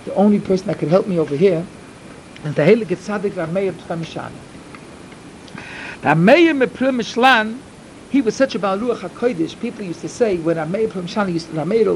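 High-voiced male storyteller. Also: slight background noise, rough recording. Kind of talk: first-person religious folk tale.

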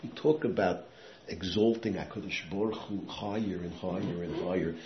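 A man giving a sermon with storytelling, dropping to hushed tones and rising to loud emphatic bursts, with Yiddish and Hebrew words mixed in. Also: low-pitched, normal speed, few pauses. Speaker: rabbi giving a talk. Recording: echoey room, muffled sound, faint background noise.

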